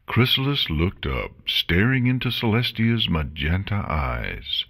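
Deep, husky man reading an audiobook. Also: very animated, measured pace, few pauses, fairly bright tone. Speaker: audiobook narrator. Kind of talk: audiobook reading of fan fiction.

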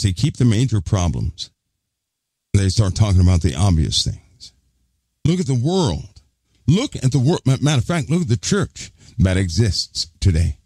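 A man's voice: on the low side, mellow, dry recording. Guy preaching, pushy rhetorical questions, dry close sound. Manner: emphatic, repeated rhetorical questions. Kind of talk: preaching to a congregation.

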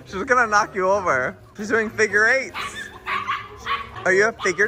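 A man hosting a casual vlog, playful and animated as he chats to his puppies. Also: high-pitched, a little slow, pauses often, noisy background. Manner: animated, playful, baby-talks to dogs. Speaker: vlogger host. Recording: vlog with background music.

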